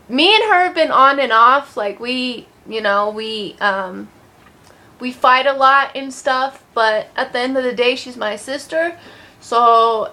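High-voiced young woman rambling casually. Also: sharp tone. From Colorado, USA. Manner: rambling, chatty, many ums, loose and sweary. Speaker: vlogger. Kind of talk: casual home vlog. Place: home.

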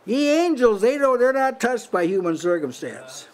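High-voiced older man preaching. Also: very animated, normal speed. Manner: conversational, breaks into lifted voice for quoted lines, frequent short laughs. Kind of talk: house church Bible teaching. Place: small house church meeting.

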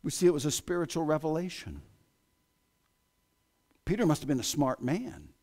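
A man preaching a sermon in a church, with an American accent, swinging between loud exclamations and hushed asides. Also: fairly high pitch, very animated, moderate pace. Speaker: pastor. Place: church sanctuary.

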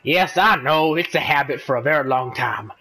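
A man voicing a senile old man who rambles in a flat, deadpan way during gameplay. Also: on the high side, normal speed, breathy edge, voice pushed down, exaggerated voice. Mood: rambling.

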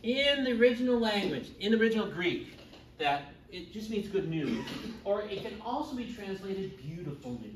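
A man's voice: high-pitched, very animated, moderate pace, a little hiss or hum. A middle-aged man teaching a church confirmation class in a chatty way, joking with his students. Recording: echoey room, far from the mic.

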